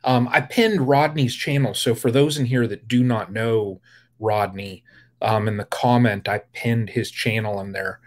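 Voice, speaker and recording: A man's voice: medium pitch, steady tone, measured pace. A man hosting a casual beekeeping livestream, rambling with lots of fillers and greeting viewers by name. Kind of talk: casual live-stream chat.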